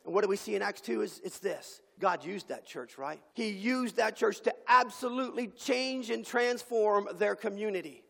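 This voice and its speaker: Pastor, male, high gravelly voice, impassioned sermon, big church reverb. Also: fairly bright tone. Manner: impassioned preaching with dramatic pauses. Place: church sanctuary. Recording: long hall reverb.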